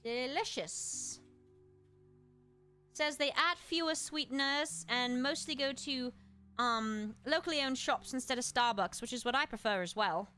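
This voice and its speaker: A woman streamer in casual chat, reading aloud and musing with quick asides to her chat. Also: sits high, bright, forceful tone, faint music behind. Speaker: streamer host.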